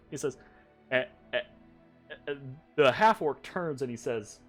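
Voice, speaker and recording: A man's voice: mid-range voice, a little slow, a bit bright, faint music behind. A man game master narrating a tabletop game in a chatty way, laughing and restarting often.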